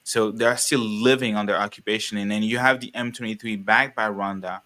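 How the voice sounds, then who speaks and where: Bright-voiced man from the Congo. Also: fairly low pitch, a little fast. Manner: animated, rambling, with frequent restarts. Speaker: panelist. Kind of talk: live online panel conversation.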